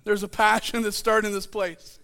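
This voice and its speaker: A man preaching a sermon in church, building to shouted fervor. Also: sits high, level tone, brisk, clear, resonant tone. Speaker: pastor.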